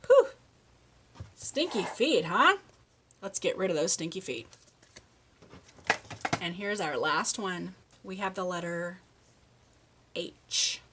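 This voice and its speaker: A woman giving a children's speech lesson, reading a picture book aloud and slowly modeling words for a young child to repeat. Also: fairly low pitch, a bit bright, slight background noise. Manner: slow, encouraging, exaggerates word sounds for a child. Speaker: speech therapist.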